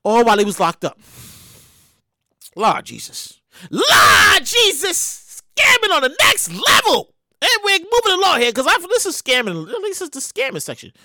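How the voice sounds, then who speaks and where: Lively high-voiced woman riffing. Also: brisk, dry recording, clean studio sound. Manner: animated, profane, repeats words. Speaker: podcast host. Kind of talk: comedic news commentary.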